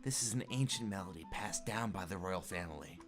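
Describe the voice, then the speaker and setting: A woman voicing a gloomy female guardian in a flat, quiet, mumbling emo voice for a game playthrough. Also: very deep voice, fairly quick, music in the background, voice pushed down.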